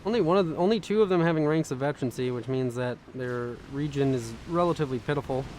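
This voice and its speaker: A young man casting a strategy video game with quick, chatty, self-mocking commentary, sounding tired. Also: medium pitch, noisy background. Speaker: game caster.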